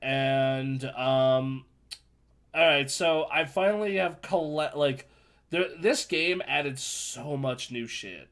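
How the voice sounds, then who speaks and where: A man's voice: mid-range voice, slow, a bit bright. A man co-hosting a casual gaming podcast, rambling and restarting his sentences with dry asides. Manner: rambling, self-interrupting, dry. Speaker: podcast co-host.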